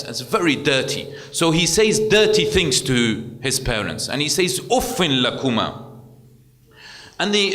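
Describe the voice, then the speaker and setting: A man's voice: fairly high pitch, a bit bright, long reverb tail. A man preacher giving a sermon, talking earnestly with frequent repeated words and acted-out quotes.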